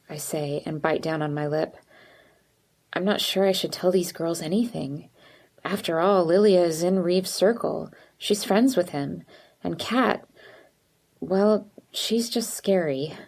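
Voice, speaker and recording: A woman reading a first-person audiobook in an even, measured way. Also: on the low side. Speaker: audiobook narrator.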